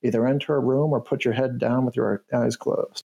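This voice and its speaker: A man's voice: mid-range voice, steady tone, fairly quick, creaky, dark tone, slightly rough, lo-fi sound. A man voicing a guarded female ship captain who speaks in a clipped, dry way. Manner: clipped, dry, matter-of-fact.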